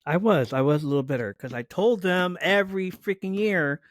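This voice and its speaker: A man's voice: high voice, brisk, no echo. A man co-hosting a casual podcast chat, telling stories animatedly and acting out what friends said, with some swearing. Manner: animated storytelling, acts out quoted friends, swears. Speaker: podcast co-host.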